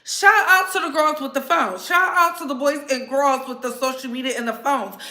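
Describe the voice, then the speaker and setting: A woman with a high, bright voice delivers political commentary straight to camera. She is blunt, fiery and profane, pushing her viewers to act. The sound is echoey, as if recorded in a bare room. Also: moderate pace. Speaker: host.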